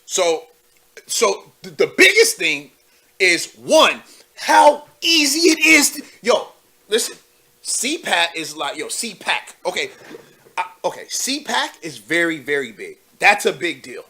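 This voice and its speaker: A man's voice: on the high side, sing-song, unhurried, sharp tone, slightly rough. A young man hosting a live call-in show, commenting loosely with lots of fillers and asides to viewers. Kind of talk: casual political commentary.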